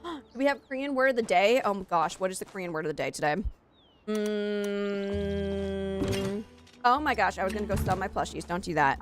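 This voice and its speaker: Girl gamer chatting away on stream, kinda high voice, headset mic, soft game music behind. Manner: chatty, excitable, talks to chat and her game. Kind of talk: casual live-stream chat while gaming.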